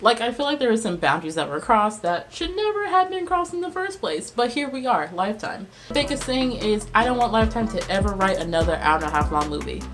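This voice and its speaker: A woman, recapping a movie on her channel in a sarcastic, animated way. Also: medium pitch, quick pace, soft background music. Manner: sarcastic, animated, laughs at her own jokes. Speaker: video host reviewing a movie. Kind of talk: casual comedic movie recap.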